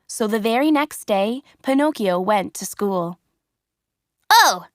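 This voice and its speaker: A woman reading a children's storybook aloud, clear and expressive. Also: medium pitch, a little slow, dry recording, studio quality. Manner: clear, expressive, carefully paced. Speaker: storybook narrator. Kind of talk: slow storybook reading for learners.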